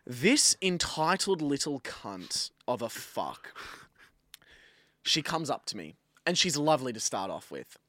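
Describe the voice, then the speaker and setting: A man's voice: medium pitch, measured pace, no echo, clean studio sound. A man, co-hosting a casual podcast chat and telling stories with lots of swearing. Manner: animated storyteller, swears freely. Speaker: podcast co-host.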